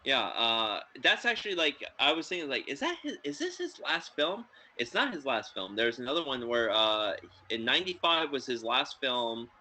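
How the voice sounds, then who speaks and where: Man, podcast host, very bright forceful voice, casual rambling film talk. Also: mid-range voice, moderate pace, few pauses, low-quality recording. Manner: rambling, filler-heavy, excitable. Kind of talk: casual film review chat.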